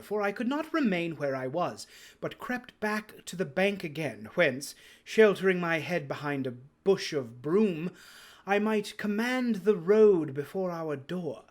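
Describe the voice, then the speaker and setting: A man giving a theatrical, unhurried dramatic read-aloud of a classic novel. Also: a little high. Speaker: reader.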